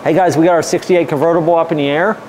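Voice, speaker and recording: A man's voice: fairly high pitch, fairly even intonation, very fast, darkish tone, slight background noise. A man casually walking a camera around a classic car for sale, talking methodically with frequent fillers. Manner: easygoing, methodical, many "um" and "uh" fillers. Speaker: car dealer walkaround presenter. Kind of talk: casual vehicle walkaround narration.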